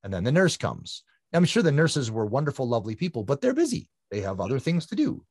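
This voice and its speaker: A guest endurance athlete tells his personal story in an earnest, reflective conversation, often repeating phrases for emphasis. His mid-range, slightly mellow voice swings widely in pitch and he talks fast. The recording is dry, with clean studio sound.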